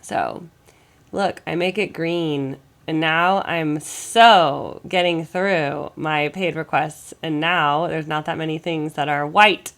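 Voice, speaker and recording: A woman's voice: low voice, fairly even intonation, takes it slowly, a bit bright. An American woman hosting a music reaction channel, chatting in a rambling, think-aloud way while getting over a cold. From United States. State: recovering from a cold. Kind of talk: casual reaction commentary.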